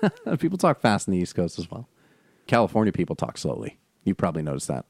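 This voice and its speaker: Man, casual co-host chat, low-ish pitch, quick animated delivery, frequent laughs, dry recording. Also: vocal fry, no room sound. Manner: animated, laughs often, fast talker. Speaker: podcast co-host. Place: Los Angeles area.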